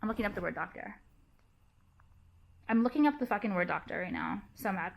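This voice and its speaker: A woman's voice: medium pitch, lively intonation, brisk, vocal fry. A young woman vlogger ranting to camera, heated and profane, hammering her points with emphatic repetition. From Los Angeles area. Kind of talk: casual rant to camera.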